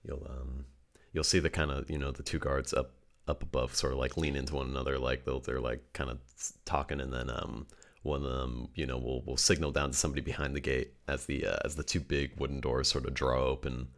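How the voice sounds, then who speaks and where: A man's voice: rumbling low, little pitch movement, a little fast. A man narrating as game master, rambling with many fillers and restarts. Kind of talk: improvised tabletop narration.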